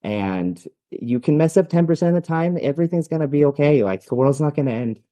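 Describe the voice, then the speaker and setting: Mellow-voiced man, a rambling podcast guest. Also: on the high side, expressive, brisk. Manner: rambling, storytelling, filler-heavy. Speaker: guest dog trainer. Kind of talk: casual podcast conversation.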